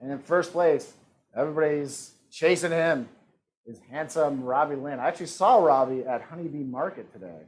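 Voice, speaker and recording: Speaking at a moderate pace in a higher-pitched voice, a trivia host runs an online game on a live stream. He's joking and playful, reading out the questions and putting on silly voices for each multiple-choice answer.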